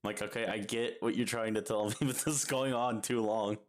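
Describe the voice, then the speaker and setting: Laid-back low-voiced young man. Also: steady tone, a little fast. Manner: laid-back, laughs often, says "like" a lot. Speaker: podcast co-host. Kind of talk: casual chat.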